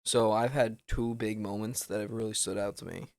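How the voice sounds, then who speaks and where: A man guest telling a personal story in an earnest, halting way. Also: lowish voice, steady tone, no room sound. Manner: earnest, halting, restarts often.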